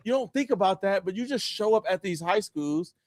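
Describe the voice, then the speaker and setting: A man, a sports columnist telling a story in casual chat, animated and laughing as he acts out quotes. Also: sits high, fairly quick, dry recording.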